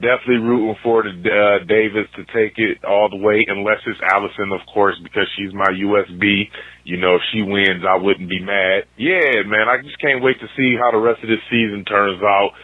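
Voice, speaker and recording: A man leaves a rambling, enthusiastic voicemail for a fan podcast. His voice is on the low side and sounds tinny and dry, as if squeezed through a phone line. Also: steady tone, moderate pace, dry recording. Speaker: caller. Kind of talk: casual voicemail recap.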